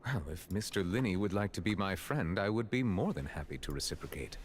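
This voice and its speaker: A man voicing a calm, formal chief judge who speaks politely and in measured tones, in a game. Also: deep voice, a little hiss or hum. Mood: courteous.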